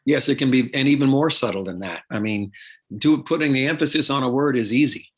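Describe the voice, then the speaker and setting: A man's voice: mid-range voice, brisk, breathy edge. Man explaining his craft in an interview. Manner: explanatory, repeats words, many fillers and restarts. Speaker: actor and podcast guest. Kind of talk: interview conversation.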